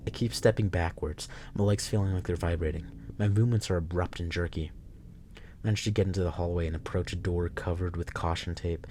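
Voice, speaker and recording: A male streamer reading a story game aloud, swearing freely and breaking off into excited reactions. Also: deep voice, brisk, a little hiss or hum.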